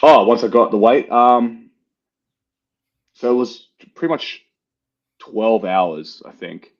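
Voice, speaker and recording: A laid-back Australian man talks in a lowish voice as a podcast guest, easygoing and swearing freely. His sound comes through dull and lo-fi, lacking its top end. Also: slow pace. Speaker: guest arm wrestler. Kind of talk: casual chat.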